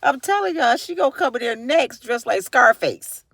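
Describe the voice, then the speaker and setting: A woman giving casual commentary, animated and acting out the voices of the people she talks about. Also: fairly high pitch, normal speed, creaky, no room sound, studio quality. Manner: animated, acts out voices of others mid-story. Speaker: vlogger.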